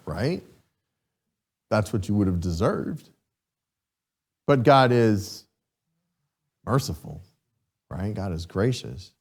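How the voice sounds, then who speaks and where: A man teaching a Sunday school class, reading scripture and questioning his students in a lively, chuckling way. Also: medium pitch. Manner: animated, asks the class questions, chuckles often.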